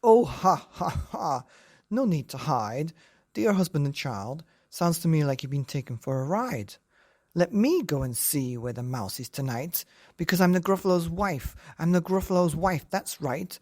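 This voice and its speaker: Fierce, proud Gruffalo mother, a man doing her voice, raised and shrill; storybook. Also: expressive, normal speed, darkish tone. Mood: boastful. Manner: scolding, boastful.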